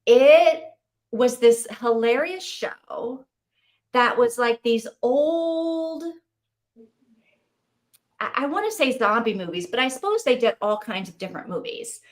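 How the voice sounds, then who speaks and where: A middle-aged woman hosting a live book club stream, chatting casually and telling stories in an animated way. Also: fairly high pitch, a little slow. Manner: chatty, animated storytelling with laughs. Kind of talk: casual livestream chat.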